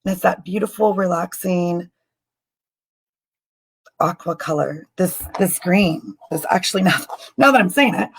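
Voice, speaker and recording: A woman with a slightly low voice leads a spiritual meditation on a live stream. She speaks softly and haltingly, with many ums, and she is tearful and emotional. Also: gravelly, slightly rough, low-quality recording. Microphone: computer mic on a live stream.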